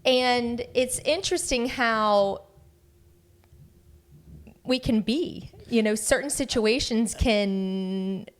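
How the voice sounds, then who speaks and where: A woman in her thirties co-hosting a podcast, telling family stories in casual chat, animated and given to laughter. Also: a little high, slow, pauses often. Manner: animated, acts out quotes with laughs. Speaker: podcast co-host.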